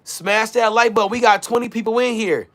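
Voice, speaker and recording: A man with a high voice talks straight to his chat on a livestream. He is hyped and loose, full of slang, and reads their comments back as he goes. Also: steady tone, fairly quick, fairly bright tone. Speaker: livestream host.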